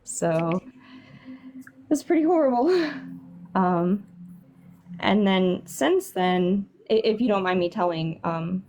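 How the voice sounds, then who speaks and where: A young woman tells her story at an unhurried, halting pace on a live stream. She sounds nervous and hesitant, stumbling through fillers and restarting her sentences. Her pitch sits in a middle range. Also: animated, a little mellow. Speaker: caller sharing a paranormal story.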